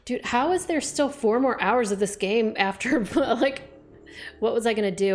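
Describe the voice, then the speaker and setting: A woman's voice: fairly high pitch, expressive, moderate pace, soft background music. A young woman streaming a game, chatting casually with lots of "like" and reading the game's text aloud.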